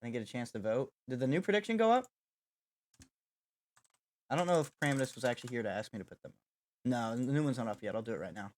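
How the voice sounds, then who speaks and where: A man's voice: medium pitch, lively intonation, fast talker, pauses often, darkish tone. A young man chatting casually with his livestream chat while gaming, joking and making dramatic mock apologies. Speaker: streamer.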